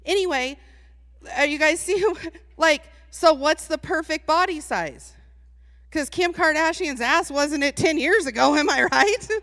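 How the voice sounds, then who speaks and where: Woman, high voice, animated stage talk, teasing and laughing, long hall reverb. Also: a little slow. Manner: animated, chatty, teasing the audience with frequent laughs. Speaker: speaker at a live event. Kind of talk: comedic motivational talk to a live audience. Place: large hall with an audience.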